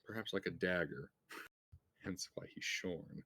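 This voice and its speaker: Low-voiced hesitant man at a game table. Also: slow pace, pauses often, pushed and bright, dry recording, studio quality. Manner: hesitant, lots of "like" fillers. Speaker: player.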